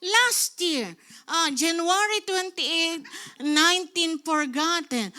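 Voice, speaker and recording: A middle-aged woman pastor with a Filipino accent delivers a sermon with a high, bright voice. She speaks at an unhurried pace and keeps calling out to the congregation for amens. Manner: lively preaching, switching into Tagalog, calls of "Amen?".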